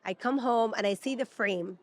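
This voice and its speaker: A woman's voice: a little high, normal speed. A woman in her thirties from Peru, a native Spanish speaker, co-hosting a casual chat and talking emotionally with lots of fillers. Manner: chatty and emotional, many fillers. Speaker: podcast co-host. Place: at a theme park.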